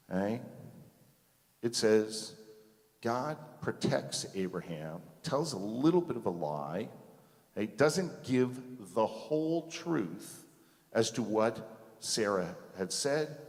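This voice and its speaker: Unhurried man teaching in an echoey sanctuary. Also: lowish voice, a little mellow. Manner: conversational, asks the audience questions, frequent "okay?" and "right?". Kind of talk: teaching talk to a congregation. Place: large sanctuary. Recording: reverberant hall.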